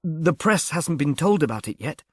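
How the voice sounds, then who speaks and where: A man's voice: a little high, sing-song, moderate pace, no echo, studio quality, pitched above the performer's own voice. A man voicing a shy, earnest young Englishman who stammers and speaks diffidently. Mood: earnest, worried. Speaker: reader.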